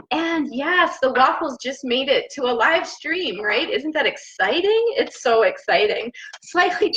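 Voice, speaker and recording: A high-pitched woman with a pushed, bright voice hosts a casual home cooking live stream from her kitchen, gushing and often laughing with viewers. Recorded on a laptop on the counter, the audio has its highs cut off and a little hiss or hum.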